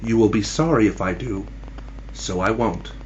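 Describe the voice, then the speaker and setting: A man voicing a quiet, sad young bride who answers in a hushed, flat voice, in a spooky story. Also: lowish voice, normal speed, highs cut off, a little hiss or hum, pitched below the performer's own voice, close to an everyday voice. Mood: quiet, ominous.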